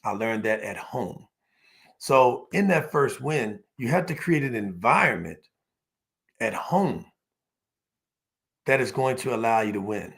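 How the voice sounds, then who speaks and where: A man delivers a motivational business speech with a gravelly, creaky edge to his mid-pitched voice. He builds points through repeated phrases and emphatic call-and-response with his audience. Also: lively intonation, a little slow, pauses often, fairly bright tone. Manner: storytelling, repetitive listing cadence.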